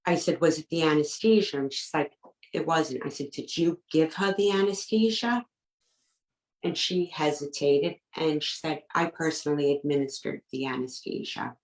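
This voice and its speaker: Low-voiced woman in an echoey room. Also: a little mellow. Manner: emotional, halting retelling with quoted dialogue. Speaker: guest. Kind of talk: personal storytelling.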